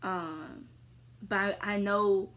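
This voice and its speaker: A young adult woman vlogger casually answering viewer questions, rambling with lots of fillers and jumping into sudden high squeals. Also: steady tone, extremely slow, fairly bright tone. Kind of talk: casual chat.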